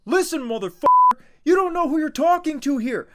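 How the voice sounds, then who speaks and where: A man's voice: very high voice, lively intonation, a little fast. A man trash-talking in a boastful, aggressive way. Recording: loud noisy clip.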